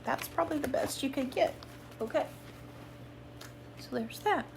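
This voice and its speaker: A woman with a high voice, hoarse and clearly under the weather, coughing now and then as she chats from home. She rambles along to her viewers and keeps saying sorry. Her voice is sitting over a faint hiss of background noise. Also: moderate pace. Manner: rambling, chatty, apologetic. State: sick, coughing, throat off. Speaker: haul vlogger. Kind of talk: casual chat to viewers.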